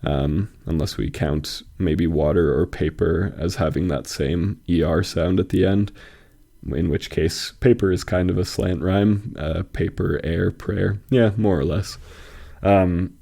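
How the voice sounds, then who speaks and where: A man's voice: deep voice, slow pace, vocal fry, warm tone. A young man hosting a review of fan poetry, reading poems aloud and critiquing them in a thoughtful, hesitant way. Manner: thoughtful, hesitant, many fillers and restarts. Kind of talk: casual critique and poem reading.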